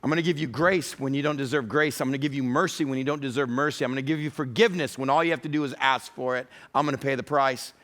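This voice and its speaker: A man's voice: medium pitch, fairly even intonation, quick pace, hardly any pauses, fairly bright tone. A middle-aged male pastor preaching a sermon with emphasis, often voicing God's words as quotes.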